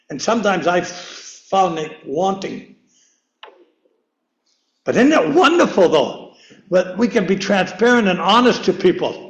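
An older man preaches a loose, rambling sermon, tripping over and repeating his words and chuckling at himself. His voice sits high, and the chapel around him rings with echo. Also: highs cut off. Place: church chapel. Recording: echoey room.

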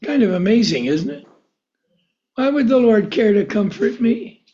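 Male pastor, high voice, sermon of rhetorical questions, dull lo-fi recording. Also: lively intonation, measured pace, mellow. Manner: rhetorical questions, answering himself.

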